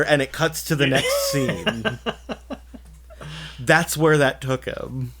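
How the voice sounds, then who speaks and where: A man co-hosting a casual podcast, telling a story with animated delivery. He acts out the people in the anecdote, shifting his voice for each quote. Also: a little high, unhurried. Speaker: podcast co-host.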